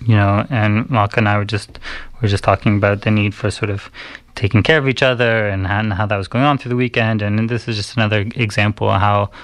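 A man talks on community radio, recounting something that happened to him. His voice sits low and smooth, and the sound is close and dry. He speaks haltingly, with many ums and restarts. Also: fairly even intonation, a bit bright, dry recording. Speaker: radio host. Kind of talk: casual radio talk, personal story.

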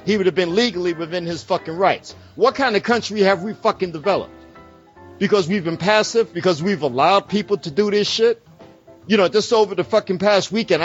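Angry profane man ranting, muffled audio. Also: fairly high pitch. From United States. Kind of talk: heated political rant.

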